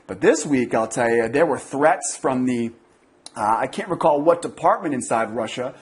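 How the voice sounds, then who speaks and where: A man's voice: mid-range voice, expressive, normal speed. An American man in his thirties giving casual, rambling day trading market commentary, talking with many fillers and restarts. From United States. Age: 30s. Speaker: day trading newsletter host.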